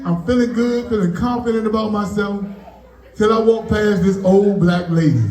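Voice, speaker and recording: A man's voice: sits high, a little mellow. A man doing stand-up comedy at a party, telling stories in a loose, chatty way and tagging lines with "man.". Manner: loose, conversational punchlines, frequent "man" tags. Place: birthday party venue. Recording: echoey room, mic from far off.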